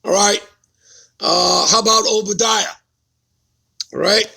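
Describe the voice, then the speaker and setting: A man's voice: sits high, steady tone, slow pace, creaky, bright, forceful tone, husky. A man preaching a Bible-study sermon who keeps putting rhetorical questions to his listeners and checking in with them.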